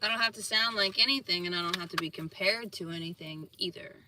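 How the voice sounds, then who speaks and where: A woman's voice: fairly low pitch, fast talker, distant mic, noisy background. A woman with a Philadelphia accent talking casually on a livestream, rambling at times and turning combative and emphatic. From Philadelphia and New York. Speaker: spiritual healer streamer answering viewers.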